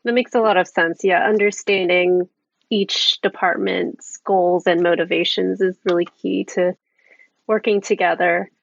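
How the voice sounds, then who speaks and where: A woman's voice: fairly low pitch, steady tone, a little slow, vocal fry, dry recording. A young woman in her twenties interviewing a guest, asking curious questions and affirming answers. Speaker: interviewer, student host. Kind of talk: conversational interview. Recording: dull, dry, lo-fi sound.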